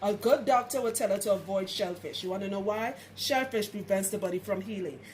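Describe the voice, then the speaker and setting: Woman from Trinidad, loctician, frank and chatty, mid-pitched voice, faint hiss behind. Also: fairly quick, a little mellow. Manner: chatty, frank, laughs often. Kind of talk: casual how-to vlog.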